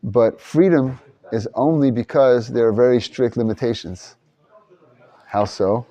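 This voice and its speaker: A man with a mellow, darker tone teaches a relaxed class discussion in a study hall. His pitch sits in an ordinary middle range. He rambles and restarts his sentences as he thinks aloud. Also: measured pace.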